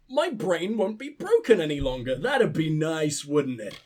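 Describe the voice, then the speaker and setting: A man's voice: a little high, very animated, unhurried, a crowd in the background. A young man with sniffles, commentating his gameplay in a profane, rambling, joking way. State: sick with sniffles. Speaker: let's play host.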